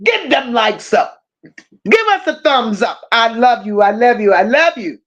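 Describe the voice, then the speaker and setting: A woman's voice: fairly high pitch, very animated, a little slow, muffled recording. A woman hosting a livestream, reading viewers' comments aloud and firing back with profane, teasing banter. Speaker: livestream host. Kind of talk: casual live chat reading comments.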